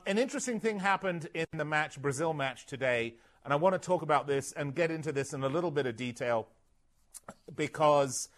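A man's voice: on the high side, fairly bright tone. A man co-hosting a sports talk radio show, exuberant and joking, rambling with fillers in casual chat on a studio mic.

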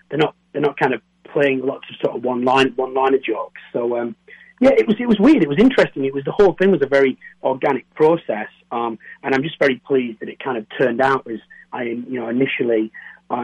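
A man from near Newcastle with a softened northern English accent, a film director answering interview questions in a hesitant way, repeating words and laughing often. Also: medium pitch, quick pace, slightly rough, no room sound, muffled recording. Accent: northern English, softened toward standard. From northern England, near Newcastle. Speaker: film director and co-writer, guest.

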